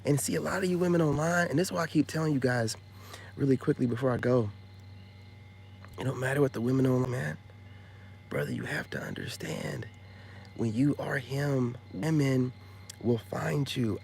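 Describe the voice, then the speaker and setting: A man vlogging a casual story in a rambling, slangy way, dropping loud boasts and then hushed asides, full of filler phrases. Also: mid-range voice, animated, moderate pace, vocal fry, slight background noise.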